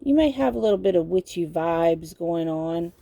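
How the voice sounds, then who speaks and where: A sleepy woman giving a casual pick-a-card tarot reading, talking in a slow, meandering way with lots of fillers. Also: lowish voice, animated, gravelly, dark tone, dry recording. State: sleepy, yawning. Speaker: tarot reader.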